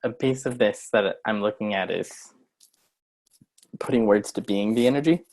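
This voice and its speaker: A man's voice: lowish voice, normal speed, darkish tone. Earnest man explaining on a video call. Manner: earnest, acts out short example lines. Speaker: guest coach. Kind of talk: conversational explaining.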